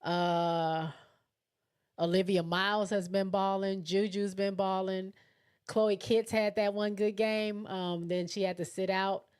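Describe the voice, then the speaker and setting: A woman's voice: medium pitch, little pitch movement, slow, darkish tone, clean tone. A woman hosting a casual livestream, chatting loosely and thinking aloud as she reads viewer comments. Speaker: livestream host. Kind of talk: casual chat reading live comments.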